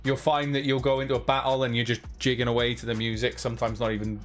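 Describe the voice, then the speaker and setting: A man's voice: medium pitch, level tone, fast talker, soft background music. A young man hosting a live stream, chatting casually with viewers in a rambling way, now and then humming little sounds. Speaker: livestream host.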